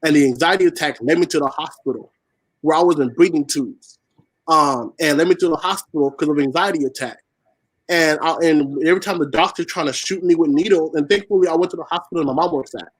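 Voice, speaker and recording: The talk comes fast from a fairly high-pitched man on a low-quality recording. A spoken word poet from Haiti who was raised in Washington State, he tells a personal story as an interview guest, earnestly repeating phrases for emphasis.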